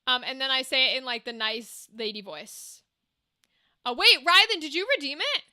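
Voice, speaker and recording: High, bright-voiced woman streamer. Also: animated, moderate pace, smooth. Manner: chatty, swears freely, laughs often. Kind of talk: casual chat with a live stream audience.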